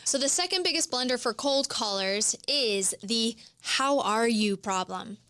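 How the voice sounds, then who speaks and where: A woman's voice: on the high side, lively intonation, measured pace, bright, forceful tone, no echo, clean studio sound. A woman hosting a business podcast, coaching listeners in an explanatory teaching manner. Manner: coaching, explanatory, demonstrates tones of voice. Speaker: host. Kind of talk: instructional podcast monologue.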